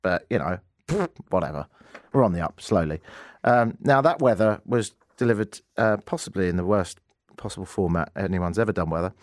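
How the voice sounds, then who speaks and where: A man hosts a live radio show from a studio, talking casually with a jokey, teasing edge. His pitch leaps up and down as he riffs. The sound is dry and close on the mic. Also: animated, fairly quick, no echo. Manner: jokey, teasing, laughs often. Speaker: radio host. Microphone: studio microphone.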